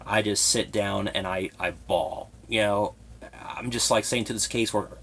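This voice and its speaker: A young man with a slightly low-pitched voice speaks in a confessional vlog. He sounds timid and emotionally raw. He stumbles, breaks off and restarts his sentences as he goes. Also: fairly even intonation, fairly bright tone. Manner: hesitant, halting storytelling with many restarts. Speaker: vlogger.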